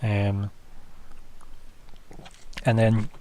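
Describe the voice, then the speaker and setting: A man's voice: on the low side, flat delivery, very slow, warm tone. A man narrating as game master of a tabletop game, rambling and full of fillers.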